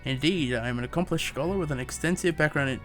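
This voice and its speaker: A man's voice: fairly high pitch, fast talker, fairly bright tone, faint music behind, natural voice. A man reading as a prim, wordy woman scholar. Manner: prim, wordy, stumbling over words. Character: fussy, long-winded young woman scholar. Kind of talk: reading game dialogue aloud.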